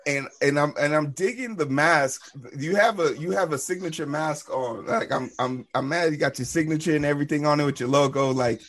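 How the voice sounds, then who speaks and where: A man's voice: fairly high pitch, brisk, hardly any pauses, fairly bright tone. Tired, teasing man hosting a book club. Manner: joking, upbeat, teasing friends. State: tired after a long work shift. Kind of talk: casual podcast chat.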